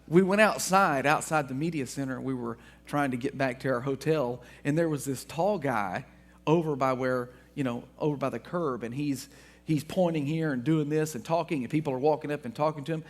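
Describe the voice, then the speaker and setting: A man from Texas, a guest speaker, telling funny anecdotes to an audience in an animated way. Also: a little high, a little fast. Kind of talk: storytelling talk to an audience.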